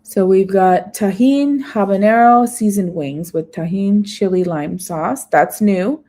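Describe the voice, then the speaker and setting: A woman's voice: medium pitch, a little slow, dark tone. A woman vlogger chatting casually on a live stream, reading menu items aloud with small asides. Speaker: food vlogger.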